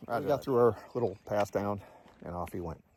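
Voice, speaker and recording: A man's voice: fairly low pitch, quick pace, darkish tone, slight background noise. A man in his sixties, a Navy veteran telling a casual war story in a blunt, salty way and swearing freely.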